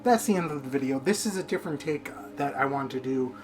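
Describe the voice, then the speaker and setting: A man's voice: medium pitch, animated, fast, music in the background. A man casually reviewing a manga in a rambling, profane, unfiltered way.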